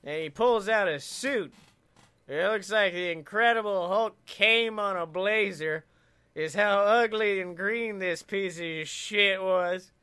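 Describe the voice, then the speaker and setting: A man's voice: sits high, slow, sharp tone, smooth. A man co-hosting a comedy podcast, telling a rambling, profane joke and laughing at his own lines. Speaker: podcast co-host.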